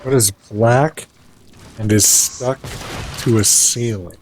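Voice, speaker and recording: A man co-hosting a let's play, making slow, deadpan, jokey remarks in casual chat. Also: mid-range voice, a little hiss or hum.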